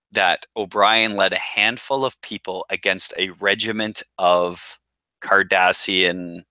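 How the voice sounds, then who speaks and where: A man's voice: sits low, bright, forceful tone, dry recording. A man co-hosting a podcast, chatting casually about an episode and talking with plenty of restarts and military jargon. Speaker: podcast co-host. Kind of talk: casual chat.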